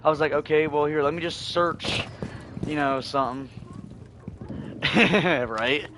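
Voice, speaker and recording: A man with a somewhat high, hoarse voice chats casually on a gaming livestream. He rambles through stories, laughs often and swears freely. A faint noise sits under his voice. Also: measured pace. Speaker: game streamer.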